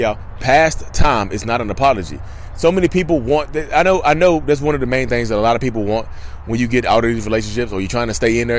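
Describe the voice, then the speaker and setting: Fast-talking animated male podcast host. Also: mid-range voice, a little hiss or hum. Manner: animated, mimics people in quick asides. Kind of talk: casual monologue.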